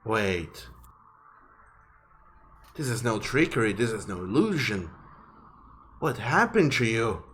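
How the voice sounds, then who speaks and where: A man's voice: lowish voice, very animated, takes it slowly, long pauses, fairly bright tone, slight background noise, heavily acted. A man voicing a curt, impatient male mage who speaks in a dismissive way. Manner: brusque, dismissive.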